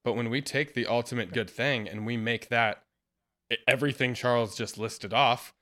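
A man hosting a casual podcast discussion about faith, earnest, laughing often and getting animated when quoting others. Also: mid-range voice, normal speed. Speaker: podcast host.

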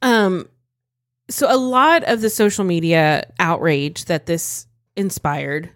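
A woman's voice: on the low side, slow pace, no room sound, clean studio sound. A woman co-hosting a casual talk show, speaking frankly and emphatically with strong opinions. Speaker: podcast co-host. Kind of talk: casual chat.

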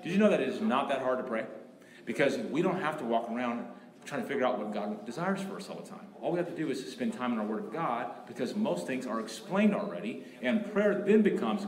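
A man preaching a sermon as pastor, emphatic and animated, often repeating and restarting his phrases. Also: medium pitch. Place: church sanctuary. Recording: echoey room.

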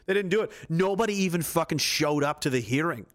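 A man's voice: a little high, animated, a little fast. Profane, ranting male political commentator. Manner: angry, profane, sarcastic.

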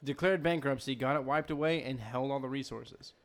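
A man's voice: medium pitch, a little fast. A man co-hosting a podcast, arguing his point in casual chat with pointed questions. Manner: argumentative, asks pointed questions. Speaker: podcast co-host.

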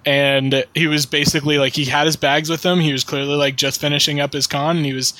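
A man's voice: on the high side, level tone, fairly quick, bright, forceful tone, dry recording. A man telling stories in casual podcast chat, laid-back and swearing freely.

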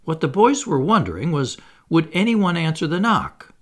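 A man reading a children's storybook aloud in an expressive narrating style. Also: a little high, normal speed. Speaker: audiobook reader.

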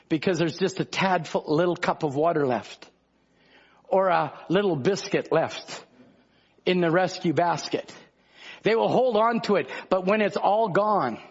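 Male pastor, high raspy voice, impassioned conversational preaching, muffled recording. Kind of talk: sermon.

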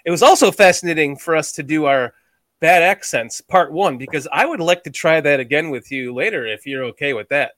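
A man's voice: a little high, animated, brisk, a bit bright, no room sound. A man from the United States hosting a casual sports podcast, chatty and rambling, with a self-deprecating streak. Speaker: podcast host.

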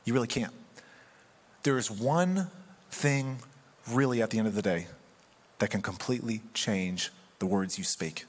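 A man giving a sermon as pastor, talking in a conversational, animated way. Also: fairly low pitch, measured pace, long pauses, big-room sound.

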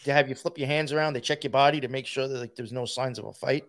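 A man's voice: medium pitch, steady tone, fast, a bit bright. A man telling a rambling, profane story in casual conversation, laughing as he goes. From New York.

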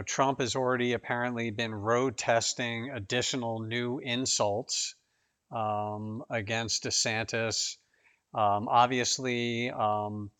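Man, podcast guest, measured, hesitant, lots of fillers. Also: mid-range voice, a bit bright, clear, resonant tone. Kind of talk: casual podcast discussion.

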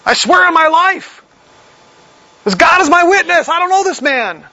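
A man's voice: extremely high pitch, expressive, moderate pace, sharp tone, voice pushed up, full character voice. A man voicing a panicked adult male disciple who protests indignantly and pleads. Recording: slightly dull lo-fi recording.

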